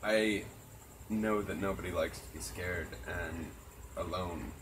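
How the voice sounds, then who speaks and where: A man talks in an earnest, reflective way, dropping swear words casually. His voice sits on the low side. Crickets chirp loudly around him outdoors at night. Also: steady tone, slow, noisy background. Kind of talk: casual chat.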